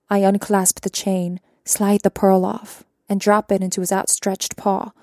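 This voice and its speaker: A young adult woman reading a first-person story aloud in a calm, even narration with quiet character voices. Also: mid-range voice, a little slow, few pauses, no echo, clean studio sound. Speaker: audiobook narrator.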